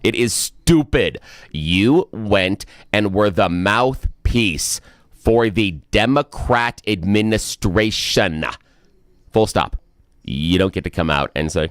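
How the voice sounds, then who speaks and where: Lower-voiced man ranting on talk radio. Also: expressive, slow pace, dry recording, studio quality. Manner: emphatic, exasperated ranting. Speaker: radio talk show co-host. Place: radio studio.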